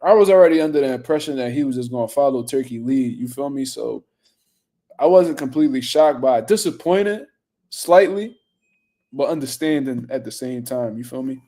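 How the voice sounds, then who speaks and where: A man's voice: medium pitch, expressive, normal speed, warm tone. A man hosting a boxing news show, talking casually in a loose, profane, rambling way while reading viewer comments.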